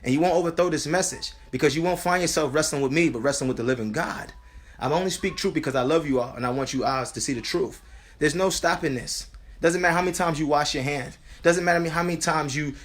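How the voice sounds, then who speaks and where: A man's voice: on the high side, fast talker. A man preaching fervently at home, full of restarts and repeatedly calling listeners brothers and sisters. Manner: fervent and repetitive, with many restarts. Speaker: lay preacher. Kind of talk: impassioned home sermon. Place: at home, indoors.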